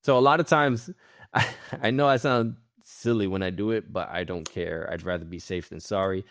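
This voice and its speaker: Low-voiced man in casual podcast chat. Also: normal speed, fairly bright tone, dry recording, clean studio sound. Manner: rambling, repeats words, acts out phone calls. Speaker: podcast co-host.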